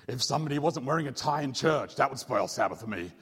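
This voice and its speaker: A man, a pastor telling a story in a sermon, animated and joking with his congregation. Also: mid-range voice, quick pace, breathy edge, long reverb tail. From England. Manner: animated, jokey, quizzes the audience.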